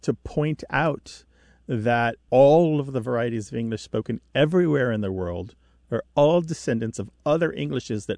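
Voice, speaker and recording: A man's voice: mid-range voice, vocal fry, a little mellow, no echo. A man co-hosting a call-in radio show about language, patiently explaining dialect differences with vivid comparisons. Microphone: studio mic.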